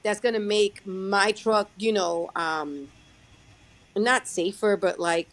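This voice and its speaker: A young adult woman who drives her own truck, talking casually in a podcast interview, halting and restarting her sentences often. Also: mid-range voice, steady tone. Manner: halting, many restarts and fillers. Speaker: guest, owner-operator truck driver.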